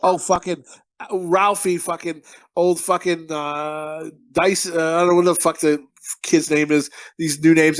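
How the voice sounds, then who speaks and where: A man's voice: a little high, fairly even intonation, a little slow, no room sound. A man from Connecticut hosting a podcast in casual, profane, rambling banter. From Connecticut, USA. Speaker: podcast host.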